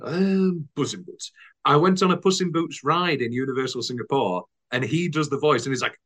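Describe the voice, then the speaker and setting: A man's voice: fairly high pitch, normal speed, fairly bright tone. Rambling British man telling anecdotes. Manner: rambling storyteller, acts out quotes in silly voices. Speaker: podcast host. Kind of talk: casual chat, anecdotes.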